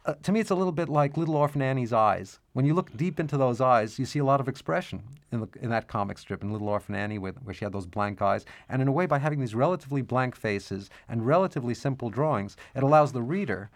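A man's voice: medium pitch, animated, fast talker, few pauses. A man, an author and cartoonist, talking thoughtfully about his work in an interview, with hesitant restarts. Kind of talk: interview, reading his book aloud.

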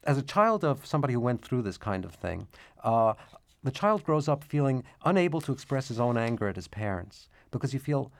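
A man talking as a guest author in an interview, reflective and measured, at times reading passages from his own book aloud. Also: medium pitch, very animated, gravelly.

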